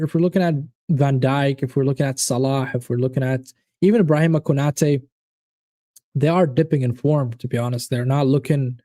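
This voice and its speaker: A man's voice: medium pitch, dark tone, dry recording, clean studio sound. A man hosting a live football watchalong, chatting casually and animatedly with viewers, swearing and calling them by name. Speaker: watchalong host. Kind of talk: casual live-stream chat.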